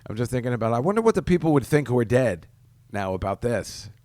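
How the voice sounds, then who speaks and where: A man's voice: mid-range voice, very animated, fast, darkish tone, no room sound. A man hosting a podcast, telling casual stories in a rambling, self-interrupting way with frequent chuckles. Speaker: podcast host. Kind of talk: casual solo podcast chat.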